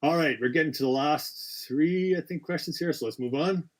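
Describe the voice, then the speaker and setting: A man's voice: on the high side, normal speed. A man hosting a live-stream quiz, reading out questions with chatty, apologetic asides and frequent self-corrections. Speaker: quiz host.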